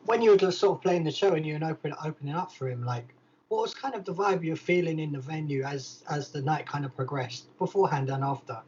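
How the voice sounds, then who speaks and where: A man's voice: on the high side, quick pace, a little mellow, breathy edge, highs cut off. A man hosting a podcast, asking casual interview questions in a hesitant way, hedging with "sort of" and "like.". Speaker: podcast host.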